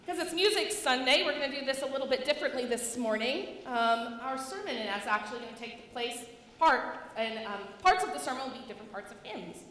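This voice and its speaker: A woman's voice: high-pitched, lively intonation, fairly quick, a bit bright, slight background noise. A woman pastor reading scripture and preaching a sermon in a plain, conversational way, with frequent ums. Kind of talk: church service reading and sermon. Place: church sanctuary. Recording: echoey church with long reverb.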